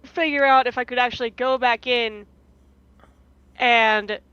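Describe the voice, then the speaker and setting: Female player, casual and giggly, bright edge, dull dry home mic. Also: a little high, steady tone, measured pace, smooth, no room sound. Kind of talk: tabletop game play.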